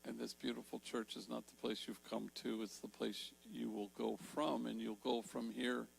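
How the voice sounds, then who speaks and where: An older man giving a storytelling talk in a large church, slowing down to stress key words. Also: mid-range voice, little pitch movement, creaky, slight background noise, rough recording. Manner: warm storytelling, slows for emphasis. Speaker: Jesuit priest and speaker.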